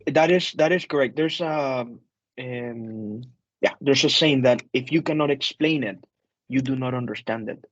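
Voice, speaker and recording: A man's voice: medium pitch, normal speed, no room sound, lo-fi sound. A man, an instructor, leading a casual group discussion over a video call, chatty, with fillers and repeated phrases.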